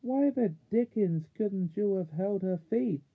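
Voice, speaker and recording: A man's voice: high voice, normal speed, creaky, voice pushed up. A man voicing a blunt, impatient schoolboy in a storybook reading. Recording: narrow phone-like sound.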